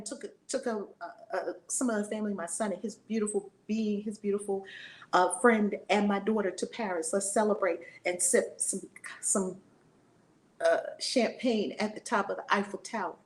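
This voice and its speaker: A woman's voice: medium pitch, normal speed, fairly bright tone. A woman in her forties teaching a spiritual lesson in a fiery, preacher-like way, acting out voices. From United States.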